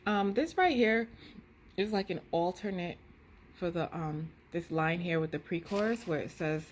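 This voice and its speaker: Here a young woman's voice sits on the low side, with lively intonation and a moderate pace. Talking casually to her phone camera as a songwriter documenting her process, she thinks out loud and sings fragments of melody over slight background noise.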